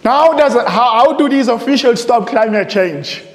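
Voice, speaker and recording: A man preaching with a high, urgent voice, asking questions and then answering them himself. The sound is roomy and echoes with a long reverb. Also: expressive, normal speed. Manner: emphatic, repeats phrases, asks rhetorical questions. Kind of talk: sermon with readings.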